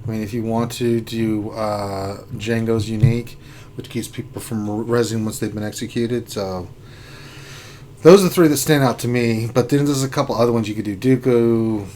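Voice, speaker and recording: A man's voice: on the low side, darkish tone, slight background noise. A man hosting a casual gaming live stream, joking, laughing often and thinking aloud. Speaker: gaming channel host. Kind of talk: casual live-stream chat reviewing game rosters.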